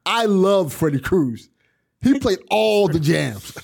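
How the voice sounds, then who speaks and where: Male podcast co-host, animated storyteller, lively and slightly high-pitched. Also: takes it slowly, creaky. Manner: animated storyteller, explains things at length. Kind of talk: casual chat.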